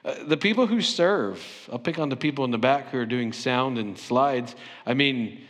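The middle-aged Southern California pastor speaks at medium pitch and moderate pace, expressive and fairly bright, his voice trailing long reverb through the sanctuary. His sermon is chatty and anecdotal, laced with self-deprecating humor and playfully acted imagined interviews.

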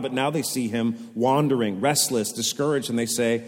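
A man, preaching a sermon to his congregation in a casual, conversational and expressive way. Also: mid-range voice, brisk, hardly any pauses. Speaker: pastor. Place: church sanctuary. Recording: long reverb of a church hall.

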